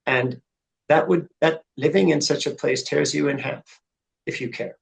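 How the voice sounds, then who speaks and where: A middle-aged man, guesting on a podcast, tells his story in a conversational interview, earnest and reflective before building to fervent emphasis. His voice sits fairly high with vocal fry, his pace is moderate, and the recording is rough.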